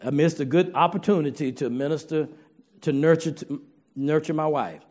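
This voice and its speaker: A man's voice: a little high, normal speed, darkish tone. A man preaching a sermon to his congregation in a folksy, humorous way, talking straight to the listeners.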